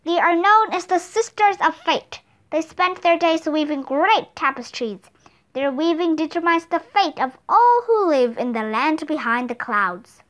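A woman gives voice to a bookish boy apprentice sorcerer in a storybook reading. He speaks in formal, old-fashioned phrases. The voice sits high and bright, with a lively, swinging pitch. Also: unhurried. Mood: earnest. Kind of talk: storybook read-aloud.

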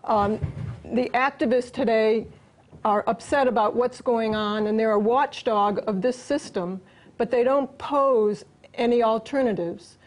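Earnest female interview guest, explanatory, slightly high pitch. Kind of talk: interview answers.

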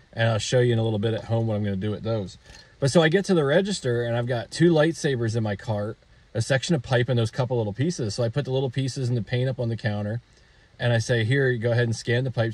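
A man's voice: mid-range voice, a little mellow. A man vlogging about a DIY project, telling a shopping story in a casual, rambling, amused way with fillers and restarts.

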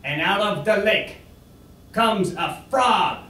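Eager male joke teller, bright high voice, echoey far mic. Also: slow. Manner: eager, rambling joke delivery. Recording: echoey room, distant mic.

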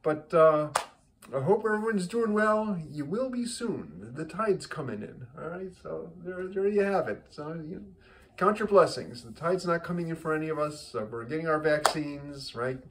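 A man's voice: on the high side, moderate pace, a bit bright, slight background noise. A man casually telling his weekly joke, rambling with many restarts and repeated words. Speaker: joke teller, host of a weekly joke.

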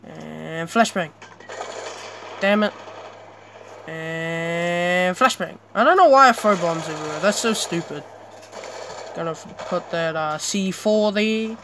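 A young male gamer talks through his match at home, drawling slowly, then bursting into loud yelps whenever something happens. A steady hiss of background noise sits under his voice. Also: high-pitched. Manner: excitable, sudden yelps and exclamations, chatty asides. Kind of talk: live gameplay commentary.

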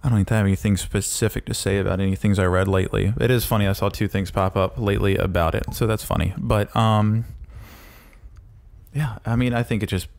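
A man co-hosting a podcast in casual chat, talking haltingly with many pauses and restarts. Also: fairly low pitch, steady tone, creaky, darkish tone. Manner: hesitant, lots of ums and restarts. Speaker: podcast co-host.

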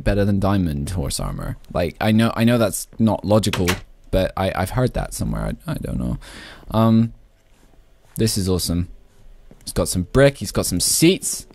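A man casually commentating his own Minecraft play, excitable and laughing often. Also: fairly low pitch, normal speed, creaky, no room sound. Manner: excitable, laughs often, shrieks when startled. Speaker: Minecraft YouTuber.

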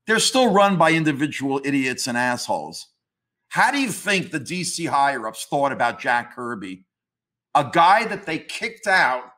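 A comics historian, interviewed as a guest, pushes his opinions hard in a high-pitched, sharp voice. He rants emphatically and swears casually as he makes his case.

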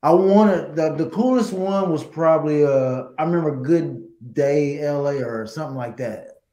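A middle-aged man, a guest singer, telling stories in a casual interview, animated and laughing. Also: a little high, moderate pace, roomy sound, rough recording.

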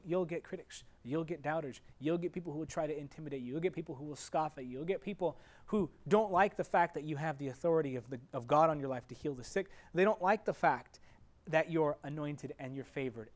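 A man preaching a sermon as a teaching preacher, emphatic and repetitive, swinging between raised declarations and hushed lines. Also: a little high.

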